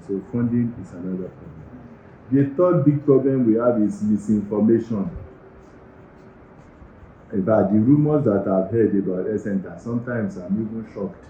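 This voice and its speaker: A man's voice: fairly low pitch, warm tone, a little hiss or hum. A middle-aged man with a Nigerian accent, a university medical director giving earnest, emphatic interview answers in an office. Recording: roomy, slightly dull recording.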